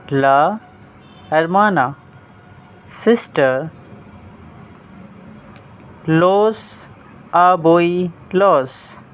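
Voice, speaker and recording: Casting: young male tutor, very slow, deliberate repeats. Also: fairly high pitch. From India. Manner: repeats each word slowly and clearly. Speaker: Spanish teacher. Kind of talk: vocabulary lesson, word by word.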